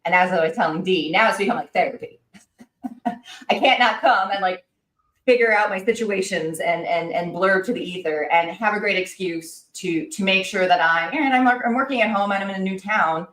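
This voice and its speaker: A woman hosting a livestream, talking fast and excitedly with lots of fillers and restarts. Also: medium pitch, reverberant, poor audio. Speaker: livestream host. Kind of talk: casual chat.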